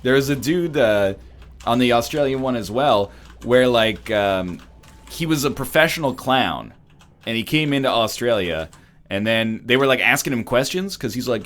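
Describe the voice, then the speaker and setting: A man's voice: mid-range voice, moderate pace. A man chatting casually, telling stories and acting out the people in them. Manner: animated storyteller, acts out quoted people. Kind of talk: casual chat.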